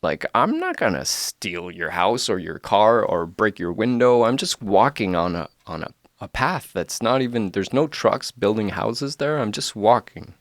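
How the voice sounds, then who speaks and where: A man's voice: lowish voice, very animated, a little slow, few pauses, no echo, clean studio sound. A man, hosting a podcast, telling a story in casual chat and swearing freely. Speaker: podcast host.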